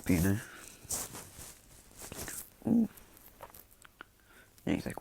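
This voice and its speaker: A man's voice: low voice, expressive, normal speed, creaky, pauses often, mellow, slight background noise. A man casually retelling a fan-made story in a loose, rambling way full of fillers.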